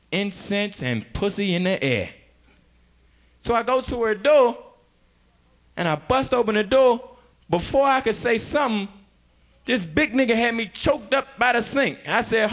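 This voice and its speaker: A young man doing a loud, rowdy stand-up comedy set, laughing between punchlines. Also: sits high, measured pace, pauses often.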